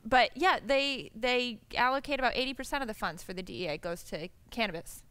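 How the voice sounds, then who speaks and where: Bright crisp-voiced woman panelist. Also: fairly high pitch, brisk, dry recording. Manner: thinking aloud with hesitations. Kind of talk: panel discussion.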